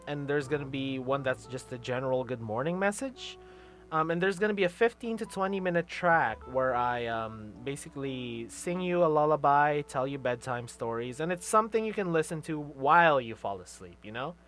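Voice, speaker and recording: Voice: medium pitch, animated, moderate pace, fairly bright tone, soft background music. A streamer hosting a casual chat, playful and laughing often, trailing off into fillers. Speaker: streamer host.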